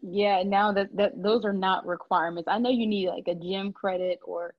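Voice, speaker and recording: A woman's voice: medium pitch, fairly even intonation, moderate pace, no room sound. Chatty young woman interviewer, dry dull sound. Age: young adult. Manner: chatty, full of fillers and restarts. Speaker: student interviewer. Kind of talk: casual oral history interview.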